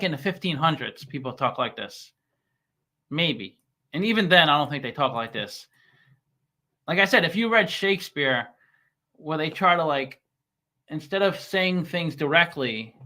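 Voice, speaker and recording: A man hosting a casual stock commentary channel, talking with halting restarts and plenty of fillers. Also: on the high side, bright, forceful tone. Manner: reads scam email aloud mockingly. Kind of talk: casual chat.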